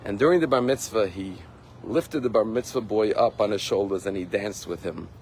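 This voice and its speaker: A man's voice: on the low side, moderate pace, a little mellow, slight background noise, rough recording. Earnest male rabbi telling a sermon story. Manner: earnest, emphatic, acts out quotes.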